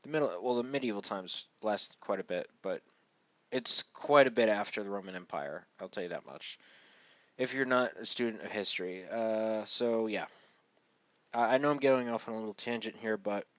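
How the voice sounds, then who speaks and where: A man's voice: fairly low pitch, moderate pace, fairly bright tone, no room sound, muffled recording. A man casually reviewing a manga chapter, rambling with many fillers and the occasional sarcastic aside.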